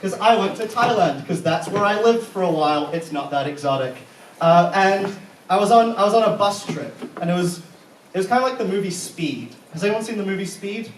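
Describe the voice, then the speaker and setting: A man's voice: high voice, animated, a little fast, distant mic, a little hiss or hum. A young man doing live stand-up and compering, with profane, incredulous rants and frequent laughter into a handheld mic. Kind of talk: live stand-up comedy with crowd work. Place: comedy club stage before a live audience. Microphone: handheld stage mic. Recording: echoey live room, voice off-mic at times.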